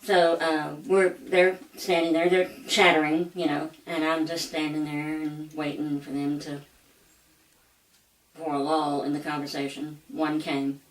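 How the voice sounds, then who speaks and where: Slow-drawling Southern woman, roomy sound. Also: deep voice, level tone, distant mic. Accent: Southern American. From American South. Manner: slow, drawling, laughs through punchlines. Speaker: vlogger. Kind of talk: storytelling vlog. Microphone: camcorder mic.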